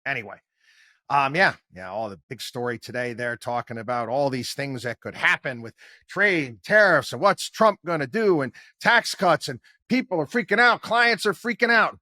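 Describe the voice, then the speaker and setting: Bright and forceful, this older man's medium-pitched voice has lively intonation and moves at a normal speed, with no room sound. He's a podcast host and financial commentator whose casual, rambling monologue is wry, plain-spoken, and packed with fillers and restarts.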